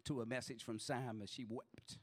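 A man preaching a sermon as a pastor, earnest, often repeating his words, moving between passionate exhortation and quiet prayer. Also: medium pitch, little pitch movement, normal speed.

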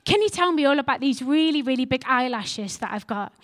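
A curious young male baby camel, as a woman puts him on, pipes up high and eager. His voice sits well above her own and keeps pressing with one question after another. It is told like a storybook fable. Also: lively intonation, fairly quick.

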